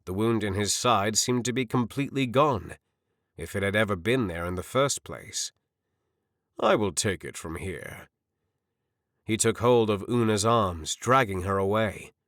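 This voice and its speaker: In studio-quality, dry audio, a man with a low-leaning voice narrates a fantasy audiobook from a script. His storytelling is measured and expressive.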